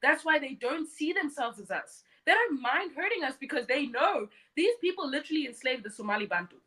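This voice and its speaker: A woman in her thirties talking straight to her live stream audience, blunt and scornful, often mocking people in silly voices. Her voice sits high and swings widely in pitch, with a bright, sharp edge. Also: expressive, fairly quick, rough recording. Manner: blunt and mocking, mimics others. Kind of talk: opinionated live stream monologue.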